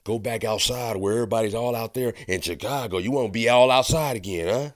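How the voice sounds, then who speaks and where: A man's voice: medium pitch, fast talker, hardly any pauses. A man hosting a casual commentary vlog, rambling, profane and chiding, with frequent laughs. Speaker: host.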